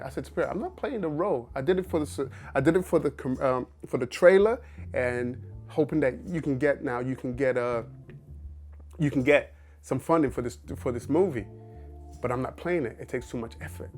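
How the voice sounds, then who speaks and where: A man's voice: medium pitch, darkish tone. Male actor, casual talk to camera, chatty with restarts, quoted asides, faint music behind.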